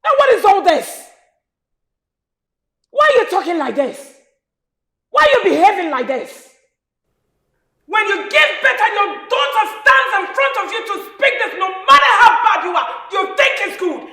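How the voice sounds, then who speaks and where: A woman's voice: very high-pitched, sing-song, moderate pace, long pauses, pushed and bright, echoey room, heavily acted. A woman with a Nigerian accent playing a cold, defiant widowed mother with a dismissive manner in a film drama. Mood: stern. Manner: dismissive, cutting.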